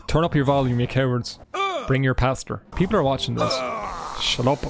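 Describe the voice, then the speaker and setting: An Irish man streaming a video game live, cracking jokes, swearing and bantering excitedly with his chat. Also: mid-range voice, a little fast, vocal fry. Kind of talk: live gameplay commentary.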